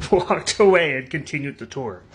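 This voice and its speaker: A man from Canada, once a tour guide, telling an incredulous, animated story. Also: on the high side, takes it slowly, a little hiss or hum. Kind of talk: casual storytelling.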